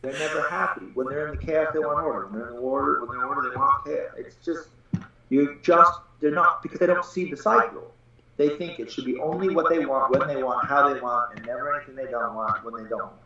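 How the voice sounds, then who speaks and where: A blunt, swearing man holds forth as a Taoist teacher in a loose podcast chat, slipping into other people's voices as he tells stories. His voice booms around a strongly echoing room, and the sound is dull and muffled. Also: fairly quick, over a noisy crowd. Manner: blunt and profane, acts out quoted voices. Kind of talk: casual podcast conversation.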